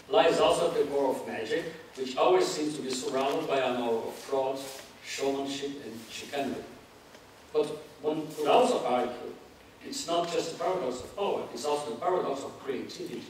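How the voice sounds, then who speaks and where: Male lecturer, mid-range voice, measured academic delivery, heard from a distance in a reverberant hall with faint hiss. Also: mid-range voice. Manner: measured, reads quotations aloud with spoken asides. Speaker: anthropology lecturer.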